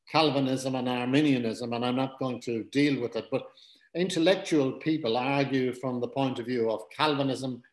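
A man's voice: medium pitch, echoey room, rough recording. A man preaching a conversational Bible teaching, talking plainly with frequent fillers and self-corrections.

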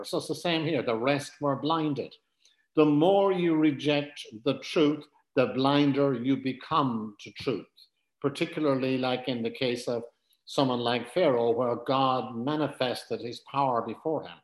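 Man, preacher, Bible teaching sermon, conversational, mid pitch, echoey room. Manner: conversational, with fillers and self-corrections.

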